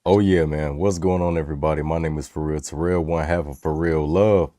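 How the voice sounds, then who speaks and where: A man's voice: steady tone, a little fast, warm tone, no echo, studio quality. A man co-hosting a casual podcast, laid-back and joking. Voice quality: deep smooth radio voice. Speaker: podcast co-host. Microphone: new microphone.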